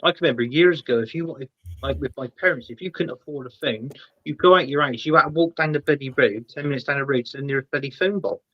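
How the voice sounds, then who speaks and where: A man's voice: mid-range voice, fast, dry recording. Chatty Bristol man, dull lo-fi sound. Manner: chatty, laughs often, says bloody and mate. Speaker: guest. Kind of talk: casual chat.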